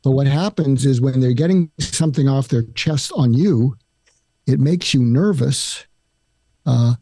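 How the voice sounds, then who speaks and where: Older male guest, gravelly and mellow, calm step-by-step advice, dry close sound. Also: medium pitch, measured pace, no room sound. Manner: calm, explains step by step, acts out example lines. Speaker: psychiatrist guest. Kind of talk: advice in a podcast interview.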